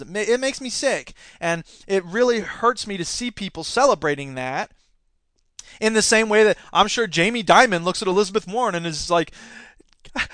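High, bright-voiced man ranting sarcastically. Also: no echo. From Wisconsin. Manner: sarcastic, indignant, laughs at his own jokes. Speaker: podcast host; teacher union member. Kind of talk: casual political rant.

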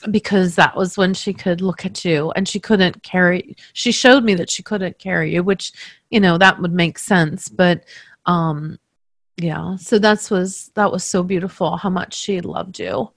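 A woman working as a medium, tenderly recounting a reading to the person she read for, emotional and halting. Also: fairly low pitch, fairly even intonation, dry recording, clean studio sound.

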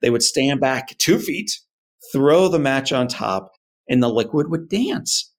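A man's voice: mid-range voice, unhurried. Earnest man telling a personal story. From United States. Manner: earnest, animated storyteller who quotes his parents. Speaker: guest. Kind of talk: candid storytelling interview.

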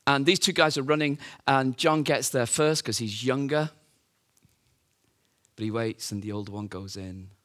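A man's voice: mid-range voice, moderate pace, a bit bright. A man preaching a sermon, telling the story in a conversational way with rhetorical questions and fillers.

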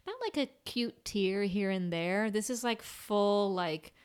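A woman's voice: mid-range voice, slow, smooth. A young woman who works as a burn-unit nurse, talking candidly in a casual conversation, rambling with lots of "like.".

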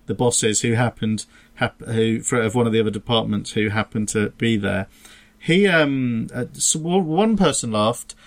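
A man co-hosting a casual podcast chat. He tells stories in a rambling, self-interrupting way, trailing off and restarting mid-sentence, with a laugh slipping in now and then. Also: medium pitch. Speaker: podcast co-host. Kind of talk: casual chat, joke telling.

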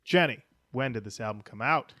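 A man's voice: mid-range voice, lively intonation, fairly quick, bright, forceful tone, no echo, studio quality. A man co-hosting a music podcast, reading listener comments aloud in a wry, casual way. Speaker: podcast co-host.

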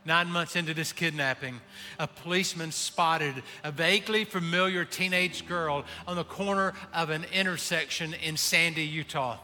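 A man preaching a sermon, swinging between hushed pleading and impassioned calls. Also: a little high, normal speed. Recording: reverberant hall with faint music. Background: faint music.

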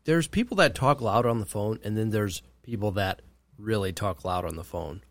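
A man's voice: lowish voice, moderate pace, no room sound. A man co-hosting a podcast in casual chat, teasing and wry. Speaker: podcast co-host.

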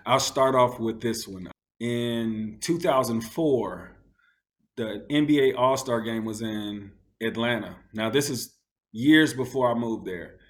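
A man telling stories in a relaxed conversation, acting out the people he quotes in a raised, excited voice. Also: mid-range voice, slow. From United States. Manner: animated, acts out quotes in a raised voice. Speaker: guest. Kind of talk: casual storytelling.

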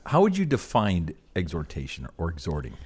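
A man's voice: deep voice, wildly swooping pitch, brisk, a little mellow, husky. An older man co-hosting a podcast, joking and teasing in casual chat. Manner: joking, teasing, laughs often. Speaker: podcast co-host.

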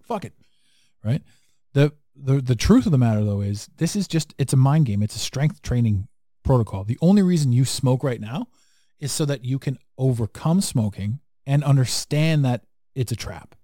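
A man's voice: medium pitch, warm tone, dry recording, studio quality. A man hosting a casual podcast conversation, talking bluntly and emphatically and swearing freely. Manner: blunt, profane, emphatic and preachy. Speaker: podcast host.

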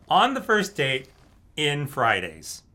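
A man's voice: a little high, wildly swooping pitch, slow, sharp tone. A man casually telling a story, laughing often as he goes. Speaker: guest telling a dating story. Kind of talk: casual anecdote.

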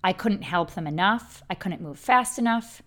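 A woman who belly dances gives a reflective self-help talk, speaking candidly and gently with the odd casual swear word. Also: medium pitch, lively intonation, moderate pace. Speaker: belly dancer sharing self-healing practice.

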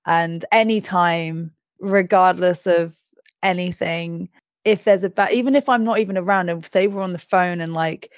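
A woman's voice: on the low side, fairly even intonation, normal speed, dry recording. A woman co-hosting a podcast, chatting casually and self-deprecatingly, laughing often. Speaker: podcast co-host. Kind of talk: casual chat. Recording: dull dry podcast recording.

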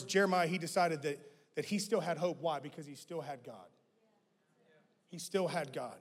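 A man preaching a sermon as guest pastor, who swings from loud emphatic lines to hushed ones. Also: a little high, animated, brisk, husky. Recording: long reverb of a large hall.

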